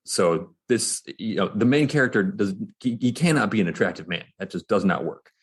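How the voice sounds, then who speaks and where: Podcast co-host, male, low husky voice, laid-back and opinionated. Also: fairly quick, few pauses. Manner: relaxed, opinionated, thinking aloud. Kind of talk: casual chat.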